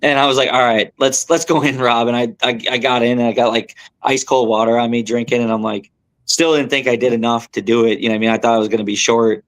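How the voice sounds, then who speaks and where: A young man, a tournament angler, telling a story as a podcast guest in a rambling, animated way with many fillers and restarts. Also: mid-range voice, fast. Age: young adult. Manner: animated, rambling, lots of fillers and self-corrections.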